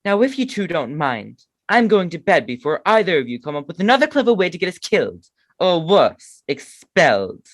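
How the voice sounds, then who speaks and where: A man plays a bossy, clever young schoolgirl scolding her friends, his voice pushed up higher. Close, dry recording. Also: very animated, normal speed, dry recording. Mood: prim.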